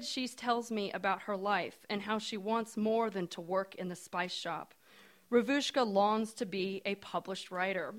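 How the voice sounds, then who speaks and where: An American woman narrating a personal story in a wry, reflective way. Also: medium pitch. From United States.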